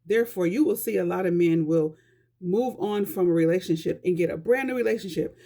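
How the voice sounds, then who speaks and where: Earnest woman with vocal fry. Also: on the low side, brisk, warm tone. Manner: earnest, conversational, addresses viewers directly. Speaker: vlogger giving life advice. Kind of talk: casual talk to camera.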